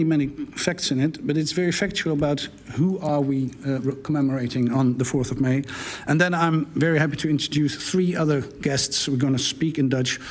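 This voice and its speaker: A man introducing a speaker to a hall audience, halting and restarting often. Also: on the high side. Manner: halting, many fillers and restarts. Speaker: event host. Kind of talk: event introduction.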